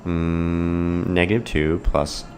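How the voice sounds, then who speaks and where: A man's voice: low-pitched, flat delivery, slow pace, darkish tone, a little hiss or hum. A man teaching a math lesson in a playful, theatrical way. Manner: playful, theatrical, acts out students' voices.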